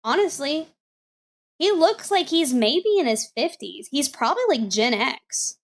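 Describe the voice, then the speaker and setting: A woman reacting to clips on a live stream talks casually and bluntly, swearing a lot and repeating phrases. Her voice sits high with big pitch swings, and she speaks a little slowly.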